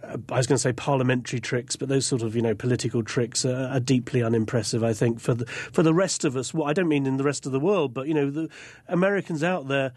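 A man's voice: mid-range voice, quick pace, darkish tone, breathy edge, no echo. An English man speaking as a guest on a radio call-in show, thinking aloud and often repeating words. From England. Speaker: guest correspondent.

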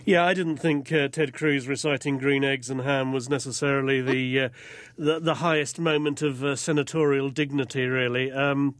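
A man's voice: medium pitch, fairly even intonation, normal speed, no room sound. An English man speaking as a guest on a radio call-in show, thinking aloud and often repeating words. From England. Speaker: guest correspondent.

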